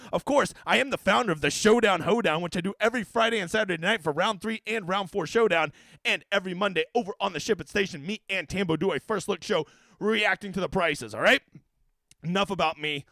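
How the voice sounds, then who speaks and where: A man runs a daily fantasy golf livestream, ranting casually and profanely while aiming brash jokes at his viewers. His voice sits high, creaky and sharp, with no room sound at all.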